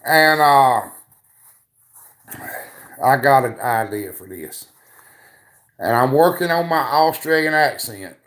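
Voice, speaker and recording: Man, livestream co-host, easygoing joker, mid-pitched, rambling delivery. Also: lively intonation, slow, pauses often, a bit bright. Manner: joking, rambling, drawling with filler "uh"s. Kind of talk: casual livestream chat.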